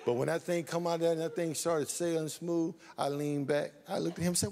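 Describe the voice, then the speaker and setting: A man preaching a sermon as pastor, telling a lively story, building up to shouts. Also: fairly high pitch, brisk, few pauses, big-room sound, crowd noise.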